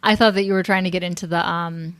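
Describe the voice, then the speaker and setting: A woman with a Midwestern accent co-hosting a casual podcast, dropping quick dry teasing quips. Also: on the low side, fairly even intonation, dry recording. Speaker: podcast co-host. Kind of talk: casual chat. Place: home room.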